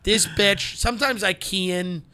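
A man's voice: high-pitched, fairly even intonation, unhurried, bright, forceful tone, dry recording. A man co-hosting a podcast in casual banter, blunt, brash and profane, giving unfiltered advice. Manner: puts on mocking voices. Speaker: podcast co-host.

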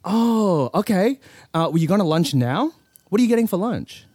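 A man's voice: sits high, very animated, moderate pace, a little mellow, dry recording, clean studio sound, pitched above the performer's own voice. A man voicing a chirpy, overly polite male call center worker with a put-on Filipino American accent. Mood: chatty.

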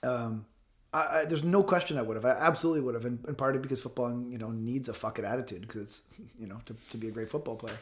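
A man's voice: mid-range voice, quick pace. Fifty-year-old man, candid interview guest, heated and profane. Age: 50s. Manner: blunt, passionate, swears freely. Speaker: guest author. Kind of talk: casual interview talk.

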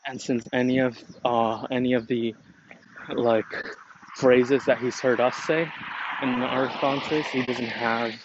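A man talks slowly in a flat, even tone, rambling and hesitant and often restarting his sentences. The recording is dull and lo-fi, with steady noise clearly audible behind him. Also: mid-range voice. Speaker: storyteller explaining a family matter. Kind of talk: casual monologue.

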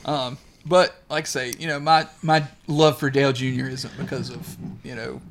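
A man's voice: mid-range voice, fairly even intonation, normal speed, a bit bright. Enthusiastic man, casual chat. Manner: enthusiastic, opinionated, laughs easily. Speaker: podcast co-host. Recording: faint background noise.

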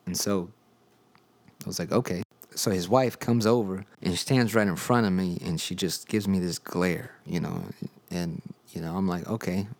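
A man's voice: low voice, steady tone, normal speed. A young man hosting a podcast, telling his personal testimony in a loose, conversational way with lots of fillers. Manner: conversational storytelling with many fillers. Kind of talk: casual spoken testimony.

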